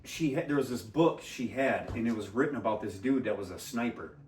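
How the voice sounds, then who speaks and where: A man telling a crude story in casual talk, swearing a lot, laughing and shouting out the lines he quotes. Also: medium pitch, lively intonation, a little fast, slight background noise. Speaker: podcast guest telling a story. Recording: echoey room from far off the mic.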